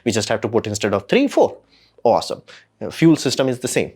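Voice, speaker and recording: A man's voice: mid-range voice, fairly quick, breathy edge. Exasperated man ranting about space. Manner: exasperated, rambling, slangy, animated outbursts. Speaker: host. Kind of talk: casual commentary monologue.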